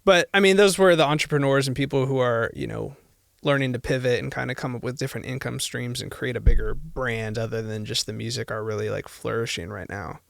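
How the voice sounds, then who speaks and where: A man's voice: medium pitch, fairly even intonation, brisk, vocal fry, dry recording, studio quality. Joking guy saying "dude" a lot. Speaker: podcast co-host. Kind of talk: casual chat.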